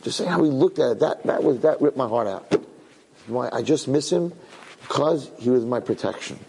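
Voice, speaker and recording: A man's voice: mid-range voice, animated, moderate pace, creaky, dark tone, slightly rough. A man telling an inspirational story to an audience, emotional and repeating words for emphasis. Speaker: religious speaker. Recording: long hall reverb.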